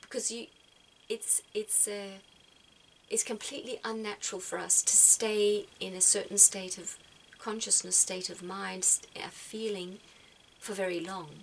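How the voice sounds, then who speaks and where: Woman, soft-spoken, reflective advice, middle pitch, faint hiss behind. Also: fairly even intonation, a little slow, low-quality recording. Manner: soft-spoken, repeats words as she thinks. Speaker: spiritual vlogger giving advice. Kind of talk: gentle reflective talk.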